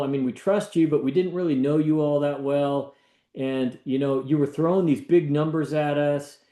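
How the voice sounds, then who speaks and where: A real estate agent, a man, chats loosely and animatedly. He slips into the voices of the people in his story. His voice sits in the middle range and bounces around a roomy, echoey space. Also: medium pitch. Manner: animated, acts out the people he quotes. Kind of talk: casual storytelling talk. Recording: echoey room.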